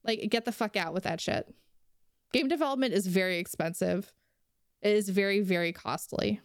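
A woman's voice: mid-range voice, normal speed, clear, resonant tone, no room sound, studio quality. A young woman co-hosting a casual podcast, ranting heatedly and swearing freely. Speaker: podcast co-host.

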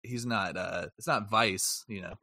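A man's voice: on the low side, unhurried, pushed and bright, dry recording, clean studio sound. A man co-hosting a casual film review podcast, rambling and correcting himself as he jokes about a movie. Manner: rambling, self-correcting, jokey. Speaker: podcast co-host.

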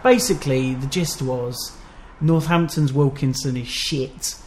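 A man co-hosting a podcast in casual, rambling chat, self-deprecating and quick to laugh. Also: medium pitch, darkish tone, a little hiss or hum. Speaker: podcast co-host.

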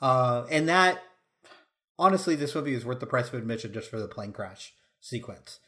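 A man's voice: mid-range voice, lively intonation, normal speed, bright, forceful tone. A man co-hosting a podcast, chatting enthusiastically about films. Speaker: podcast co-host. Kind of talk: casual film discussion.

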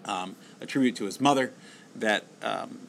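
A man giving a storytelling lecture as a Torah teacher, animated and repeating words when excited. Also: fairly low pitch, normal speed, vocal fry, slight background noise, poor audio.

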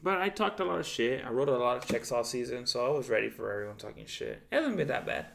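A man talks loosely in a casual chat. His voice is gravelly, with a rough fry on it. He vents with plenty of swearing and acts out what he said to himself. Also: medium pitch, fast talker, a little hiss or hum. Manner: profane, animated venting with quoted self-talk. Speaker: podcast co-host, football fan.

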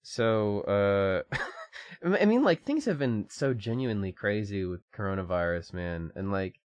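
A man's voice: on the low side, animated, measured pace, darkish tone, no echo, lo-fi sound. A young man co-hosting a podcast in casual, rambling chat, with loose phrasing and casual swearing. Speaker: podcast co-host.

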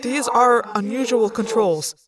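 A woman's voice: a little high, measured pace, heavy background noise, close to an everyday voice. Woman voicing a polite young alien. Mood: formal. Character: young male alien cadet, formal and polite.

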